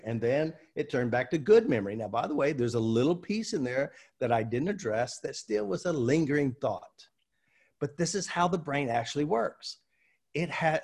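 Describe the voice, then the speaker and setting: A man from the United States, a seminar trainer explaining ideas through lively anecdotes in conversation. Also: medium pitch, breathy edge. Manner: animated anecdotal delivery with fillers.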